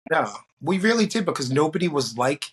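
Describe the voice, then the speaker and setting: A middle-aged man from the Boston area, a guest drag performer, telling animated stories and acting out the voices of the people in them. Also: on the high side, a little fast, breathy edge. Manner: animated storyteller, acts out quoted voices. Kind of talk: storytelling interview.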